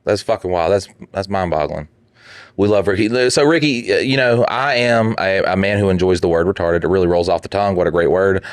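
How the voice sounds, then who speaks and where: Man, very low pitch, dry sound, podcast co-host, casual profane banter. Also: fairly quick, no echo. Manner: profane, joking, reads listener stories aloud.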